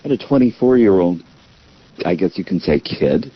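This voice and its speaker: A man's voice: low-pitched, lively intonation, normal speed, breathy edge, muffled recording, faint music behind. A man in his fifties, a guest in a casual chat, blunt and opinionated. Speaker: podcast guest.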